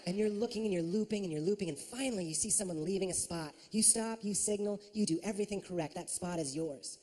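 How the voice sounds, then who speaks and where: A man performing a stand-up comedy set, animated and quick to leap into high shrill voices for his impressions. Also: a little hiss or hum. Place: comedy stage.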